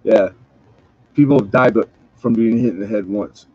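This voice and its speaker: A man's voice: on the low side, normal speed, a little mellow, breathy edge, no room sound. Rambling, profane man on a lo-fi stream. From Southern California. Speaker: livestream host. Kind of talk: casual late-night livestream chat.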